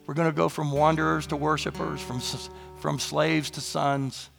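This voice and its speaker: A man preaching a sermon, his voice hoarse and gravelly, declaring bold lines with rising emphasis. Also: flat delivery, moderate pace, fairly bright tone, soft background music. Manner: declaring boldly, rising to emphatic high passages. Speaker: pastor.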